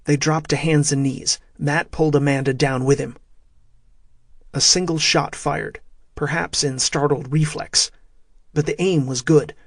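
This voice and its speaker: A man narrating a thriller audiobook in a steady, measured way. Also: on the high side, no echo, clean studio sound.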